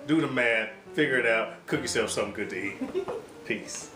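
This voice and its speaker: A man's voice: medium pitch, moderate pace, reverberant, over music, rough recording. A man hosting a casual home cooking show, joking and hyping each step straight to his viewers.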